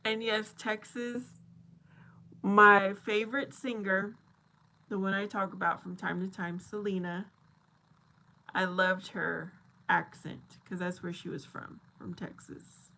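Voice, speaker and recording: A woman in her forties chatting casually on a livestream, answering viewer comments. She talks in an unhurried, drawn-out way with a bright, forward voice, laughing often and musing aloud. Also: mid-range voice, level tone, gravelly. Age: 40s. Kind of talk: casual live chat.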